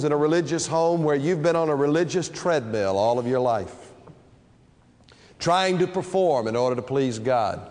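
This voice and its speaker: A man preaching a sermon with dramatic delivery, stretching key phrases slowly for emphasis. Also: mid-range voice, darkish tone. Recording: long reverb of a large hall.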